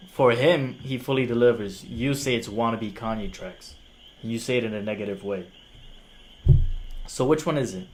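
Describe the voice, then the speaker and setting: A young man whose first language is Spanish, reviewing music on a live stream and arguing with a critic in casual slang. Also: medium pitch. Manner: casual slang, incredulous and argumentative.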